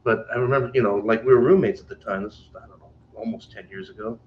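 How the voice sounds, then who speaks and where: A podcast co-host with a lowish voice talks fast in a casual chat, telling rambling stories, laughing through them and using many fillers. The audio is dull and lo-fi, with a little hiss or hum.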